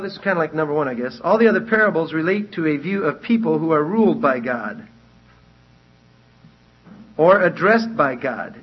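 A man's voice: fairly high pitch, breathy edge. A man teaching a Bible study lecture, speaking earnestly and repeating his key points, with frequent restarts as he works through his reasons. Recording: dull lo-fi recording.

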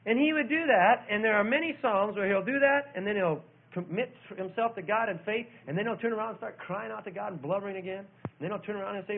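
A man preaching a sermon, telling a childhood story and then reading scripture with loud emphasis. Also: high voice, sing-song, fairly quick, creaky. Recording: tinny phone-like old recording.

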